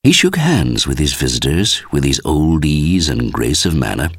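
A man reading a story aloud in a measured, expressive way. His voice sits very low yet moves lively in pitch. The recording is dry and close. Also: breathy edge, dry recording. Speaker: audiobook reader. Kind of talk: scripted narration.

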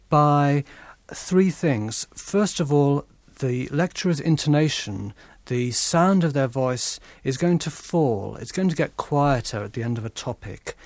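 Male lecturer, unhurried pace, thoughtful and self-correcting, dry sound. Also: on the high side, darkish tone, no echo. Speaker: lecturer on listening skills. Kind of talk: explanatory talk.

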